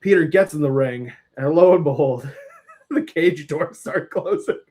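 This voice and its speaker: Male co-host, lively scene recap, somewhat higher pitch, casual review chat. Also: unhurried. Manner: animated retelling of scenes, laughing, acting out quotes.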